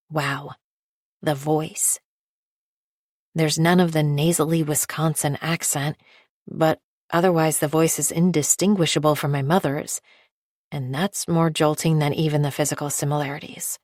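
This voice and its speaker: Low voiced woman reading a novel in first person, precise and kinda detached. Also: level tone, normal speed, darkish tone, dry recording, clean studio sound. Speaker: audiobook narrator. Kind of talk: first-person scripted narration.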